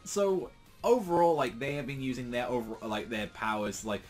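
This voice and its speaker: A man's voice: medium pitch, moderate pace, faint music behind. A man casually recapping a manga chapter, rambling with many fillers and some crude asides. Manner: rambling, heavy use of fillers, profane asides. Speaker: manga reviewer.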